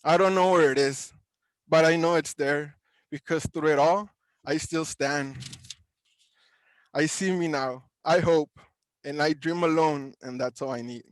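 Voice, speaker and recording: Slow-reading man performing his poetry. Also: on the high side, no echo. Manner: slow, deliberate reading with pauses. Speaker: open mic poet. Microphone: video call.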